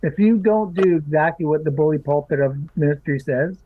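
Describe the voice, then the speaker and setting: A man's voice: on the high side, a little fast. Indignant man on a tinny line. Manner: indignant, emphatic, rhetorical questions. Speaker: podcast guest. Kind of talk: casual podcast discussion. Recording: tinny phone-like remote call line.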